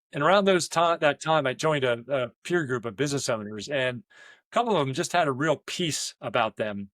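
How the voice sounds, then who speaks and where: A man's voice: medium pitch, expressive, fairly quick, fairly bright tone, no echo. A man, a leadership coach and business owner, talking in a candid conversational way, rambling through stories with many restarts and quoted asides.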